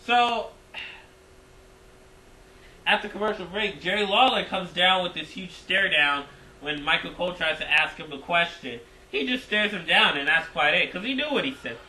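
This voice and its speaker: A man reviewing a wrestling show in casual recap style, excitable and rambling, repeating himself. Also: sits high, moderate pace, reverberant, slight background noise, low-quality recording.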